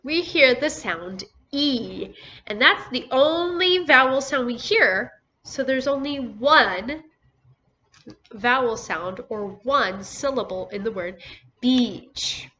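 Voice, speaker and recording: Brief: woman teacher for small kids, bright higher voice, patient syllable-by-syllable phonics delivery. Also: animated. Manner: slow, sounds out words syllable by syllable. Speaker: first grade teacher. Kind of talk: recorded phonics lesson for young children. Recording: dull lo-fi recording with faint noise.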